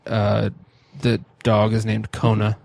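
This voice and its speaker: A man's voice: on the low side, monotone, takes it slowly, vocal fry, a little mellow, no echo. A man co-hosting a podcast in laid-back casual chat, cracking dry jokes with hesitant fillers. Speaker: podcast co-host.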